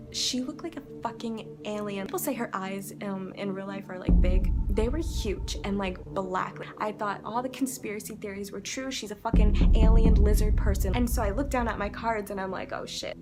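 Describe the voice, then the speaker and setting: A young adult woman telling a casual storytime vlog, rambling, swearing and giggling as she goes. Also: mid-range voice. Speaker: vlogger.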